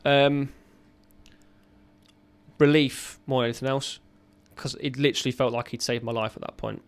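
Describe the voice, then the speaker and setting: Gravelly-voiced man, raw storytelling. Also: mid-range voice, fairly even intonation. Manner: raw, earnest, halting with restarts. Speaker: podcast guest, ex-serviceman. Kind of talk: candid personal storytelling.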